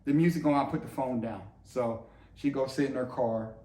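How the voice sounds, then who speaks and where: Man, casual co-host storyteller, animated and profane, echoey room. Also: medium pitch, moderate pace, slight background noise. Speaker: co-host, husband.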